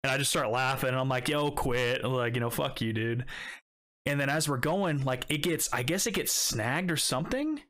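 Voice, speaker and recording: A man's voice: medium pitch, expressive, normal speed, a bit bright. A young man casually telling a story, swearing often and rambling with many fillers. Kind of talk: casual chat.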